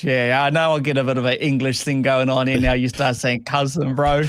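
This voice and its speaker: A man's voice: mid-range voice, little pitch movement, fairly quick, dry recording, clean studio sound. A man hosting a casual livestream chat, upbeat and matey, calling people mate and bro. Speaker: host.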